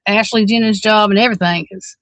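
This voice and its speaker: A woman's voice: mid-range voice, fairly even intonation, brisk, fairly bright tone, no room sound. A woman, co-hosting a true-crime podcast in a blunt, fired-up way, swearing freely and restarting her sentences. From Alabama. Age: 40s. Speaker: podcast co-host. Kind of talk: casual true-crime discussion.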